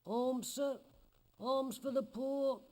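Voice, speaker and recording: Cheeky street beggar, whining, high-pitched, drawn out. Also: male voice, darkish tone. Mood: cadging. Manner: whining cadge, drawn-out pleading. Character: cheeky street beggar man, cadging and sly. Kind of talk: video game voice acting.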